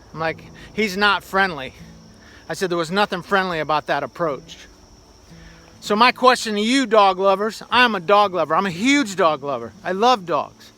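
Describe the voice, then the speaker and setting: A man talking casually while hiking a mountain trail, a little out of breath, telling a story in an animated way. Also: high voice. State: slightly out of breath. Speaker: hiker vlogger.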